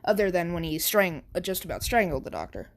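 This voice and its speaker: A woman's voice: fairly low pitch, big pitch swings, a little fast, creaky. A woman casually telling a made-up story, rambling and correcting herself as she goes. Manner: rambling, full of fillers and self-corrections.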